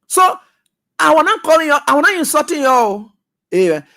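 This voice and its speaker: A man hosting a radio talk show, giving animated, scolding political commentary. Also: very high voice, normal speed.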